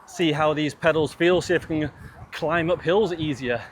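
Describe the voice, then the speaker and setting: A man's voice: fairly high pitch, normal speed, slight background noise. A man vlogging outdoors on a bike trail, chatting casually and laughing often between remarks. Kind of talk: casual chat while riding.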